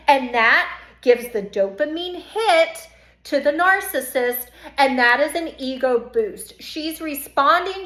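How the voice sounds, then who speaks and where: Brief: high-pitched woman coach, emphatic direct-to-camera talk, roomy echo. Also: lively intonation, measured pace, fairly bright tone. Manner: emphatic, acts out quoted voices; repeats phrases for emphasis. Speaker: self-esteem coach. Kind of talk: casual direct-to-camera monologue.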